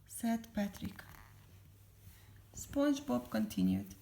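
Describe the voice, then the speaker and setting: A mother reading a storybook aloud to her child in a calm, unhurried way. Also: fairly high pitch, gravelly.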